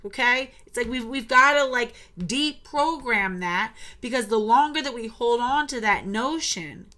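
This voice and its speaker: A woman's voice: fairly high pitch, sharp tone. A woman in her thirties, a birth worker, giving a blunt, emphatic monologue and swearing when heated. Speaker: birth worker and podcast host. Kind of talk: impassioned monologue.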